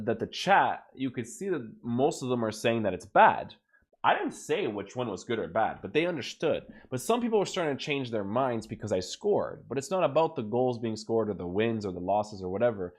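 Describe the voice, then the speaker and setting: A man's voice: mid-range voice, sing-song, normal speed, husky. Man talking over his gameplay. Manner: emphatic, keeps asking "right?"; casual, swears now and then. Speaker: gaming YouTuber. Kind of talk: gameplay commentary.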